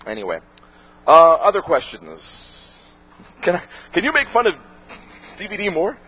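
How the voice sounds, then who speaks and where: A man, a documentary filmmaker, talking casually to an audience and answering questions, animated and profane, acting out the voices he quotes. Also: high-pitched, measured pace, a little hiss or hum, low-quality recording. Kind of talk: casual talk with Q&A.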